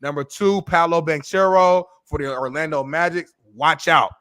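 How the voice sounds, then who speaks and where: A man's voice: fairly high pitch, normal speed, a bit bright, smooth, dry recording, clean studio sound. A man co-hosting a sports talk show, arguing emphatically and swearing as he makes his case. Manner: emphatic, swears, argues point by point. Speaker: co-host.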